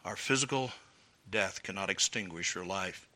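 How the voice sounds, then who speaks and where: A man's voice: low-pitched, normal speed, sharp tone. A man preaching an expository sermon, earnest and emphatic, building up through repeated phrases. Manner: earnest, emphatic, with swelling repetitions.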